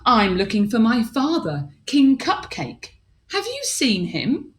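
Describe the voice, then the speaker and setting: A woman voicing a bold, bossy young princess girl in a high, commanding storybook voice. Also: huge pitch swings, slow, heavily acted.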